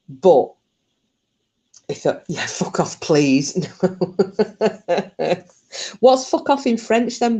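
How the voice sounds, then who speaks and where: A woman's voice: sits low, mellow. A woman hosting her channel, casually retelling a true story, chatty, swearing freely and laughing often.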